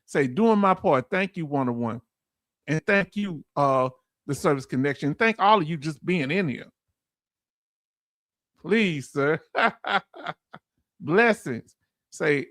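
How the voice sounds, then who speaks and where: A man's voice: high-pitched, expressive, a little slow, long pauses, a bit bright, no echo, clean studio sound. A middle-aged man with a Southern US accent hosting a casual livestream, joking, laughing and reading out viewer comments. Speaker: livestream host.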